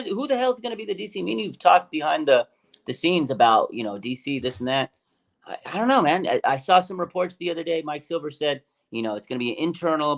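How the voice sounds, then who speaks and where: A man hosting a casual sports podcast, talking in an animated, slangy way with many fillers and restarts. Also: fairly high pitch. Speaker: podcast host.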